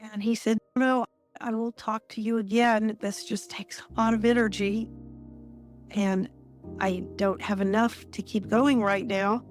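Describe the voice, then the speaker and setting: A woman in her sixties speaks slowly and thoughtfully as an interview guest. She recounts her story with pauses between phrases. Soft music plays faintly underneath. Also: medium pitch, flat delivery. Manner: measured and reflective, pausing between phrases.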